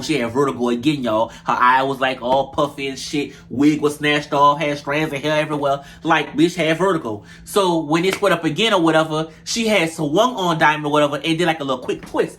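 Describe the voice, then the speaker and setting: A young man, reviewing a reality show episode in animated, profane, gossipy casual chat. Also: a little high, slight background noise. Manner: animated, profane, gossipy, addresses viewers as y'all.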